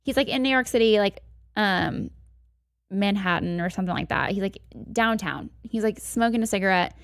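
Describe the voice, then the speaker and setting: A woman's voice: mid-range voice, moderate pace, no room sound, clean studio sound. A woman guest on a podcast, casually retelling a story with lots of "like" fillers and swearing. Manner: heavy "like" fillers and frequent swearing.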